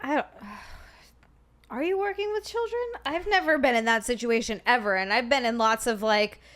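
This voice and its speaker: A woman's voice: a little high, moderate pace, fairly bright tone. A woman co-hosting a comedy podcast, reacting with incredulous, laughing remarks. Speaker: podcast co-host.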